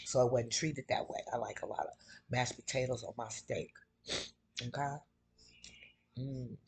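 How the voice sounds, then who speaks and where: A woman in casual commentary, retelling events in an animated, outraged way. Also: very deep voice, a little slow, noisy background. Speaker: vlogger.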